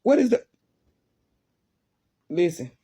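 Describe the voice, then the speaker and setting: Husky woman, casual animated storyteller, laughs often. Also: fairly low pitch, slow pace. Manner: animated, laughing, vivid sound effects.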